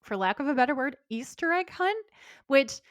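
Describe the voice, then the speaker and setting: A woman co-hosting a podcast, chatting warmly and enthusiastically and reading a post aloud. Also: high-pitched, lively intonation, normal speed, no room sound, clean studio sound. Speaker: podcast co-host. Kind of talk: casual chat and reading aloud.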